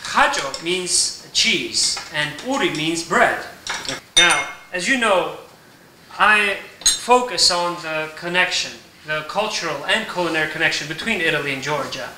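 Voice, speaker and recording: A man teaching a recipe in his kitchen, explaining each step in a relaxed way and checking in with "okay?". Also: a little high, measured pace, reverberant, distant mic, noisy background. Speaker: home baker teaching a recipe. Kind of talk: casual cooking tutorial. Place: home kitchen.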